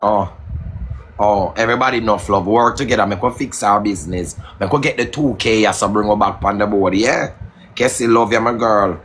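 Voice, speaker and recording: A man's voice: lowish voice, brisk, a little hiss or hum. Teasing man hosting a live stream. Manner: teasing, banters in patois, shouts out viewers. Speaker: livestream host. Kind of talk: casual live stream chat.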